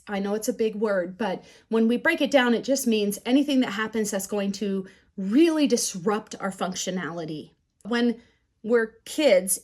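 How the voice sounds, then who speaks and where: Woman teacher, middle pitch, candid and animated storyteller, class talk. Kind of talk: storytelling lecture.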